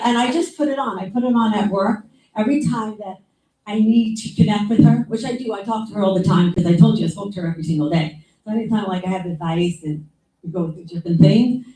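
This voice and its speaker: In a mellow, medium-pitched voice, a woman gives informal memorial remarks as the younger sister. She rambles conversationally, full of asides and quoted lines, recorded from some distance in an echoey room.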